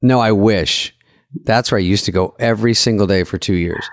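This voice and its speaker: A man co-hosting a comedy podcast, telling animated, self-mocking stories in casual chat. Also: lowish voice, normal speed, dry recording, studio quality. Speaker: podcast co-host.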